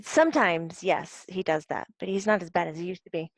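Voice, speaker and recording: A woman working as a psychic medium, talking in a relaxed, hesitant way with many pauses and fillers. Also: on the low side, no room sound. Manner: hesitant, many ums, laughs often. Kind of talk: relaxed conversational channeling.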